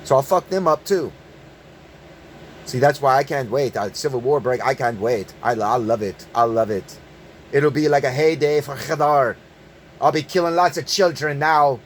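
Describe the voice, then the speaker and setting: A man's voice: mid-range voice, normal speed, slight background noise. A man delivering an angry, profane monologue, emphatic and prone to repeating words in bursts. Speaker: online commentator. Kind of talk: ranting monologue.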